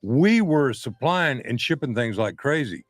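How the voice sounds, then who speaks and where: A man hosting a veterans talk show, enthusiastic and interjecting, often clearing his throat. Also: medium pitch, big pitch swings, a little slow, no room sound. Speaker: show host.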